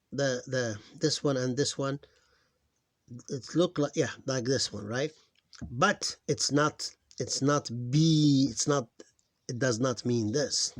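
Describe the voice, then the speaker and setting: A man teaching Arabic phonics in a recorded lesson. He talks slowly and patiently and calls out syllables loudly, one at a time. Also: medium pitch, no echo. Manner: slow and patient, sounding out syllables loudly and stressing each one.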